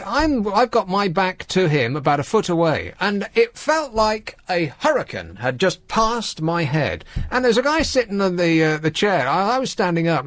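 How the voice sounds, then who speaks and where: A man's voice: high-pitched, fairly bright tone, dry recording. A man hosting late-night radio, telling rambling wry stories. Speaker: radio host.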